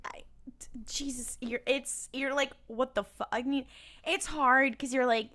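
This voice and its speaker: A woman's voice: high-pitched, a little slow, fairly bright tone. A young adult woman co-hosting a podcast in casual chat, swearing freely, stammering and trailing off. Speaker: podcast co-host.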